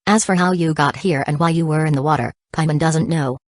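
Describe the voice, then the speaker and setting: A woman's voice: low voice, a little fast, dry recording, natural voice. A woman voicing a small floating fairy-like girl companion who proudly speaks of herself by name, in a storybook reading.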